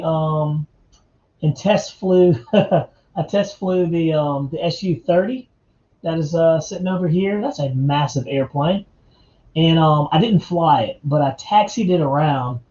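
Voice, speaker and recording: A man's voice: on the high side, takes it slowly, dark tone, roomy sound, dull audio. A man from North Carolina, hosting a casual live chat, laid-back and chatty and calling his viewers man and dude. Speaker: livestream host.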